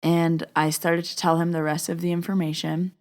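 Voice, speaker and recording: A young adult woman with a somewhat low voice tells a personal story as the host of a podcast. She is animated and acts out the other people in the story as she goes. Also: normal speed.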